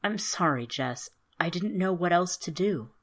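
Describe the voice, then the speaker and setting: A woman voicing a protective young sister who speaks softly and tearfully. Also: lowish voice, animated, unhurried. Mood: tearful, worried. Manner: soft and muffled.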